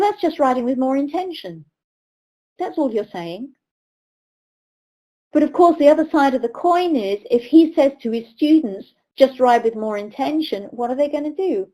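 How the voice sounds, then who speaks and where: A woman's voice: high-pitched, dark tone, low-quality recording. A middle-aged woman from the UK, a riding coach giving a webinar lecture, telling anecdotes and acting out the voices of people she quotes. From United Kingdom. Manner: storytelling, acts out quoted voices.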